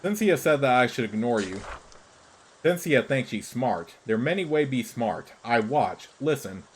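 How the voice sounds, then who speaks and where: A man's voice: mid-range voice, expressive, unhurried, slight background noise, close to an everyday voice, poor audio. A man reading a shrewd wandering creature gossip. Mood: matter-of-fact. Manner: broken, clipped pidgin speech.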